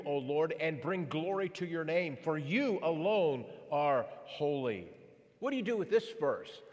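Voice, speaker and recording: A fairly high-voiced man delivers a sermon in a church sanctuary, reading scripture aloud and pressing his points with emphatic repetition. His voice carries a long hall reverb. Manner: emphatic, building intensity with dramatic pauses. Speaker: preacher.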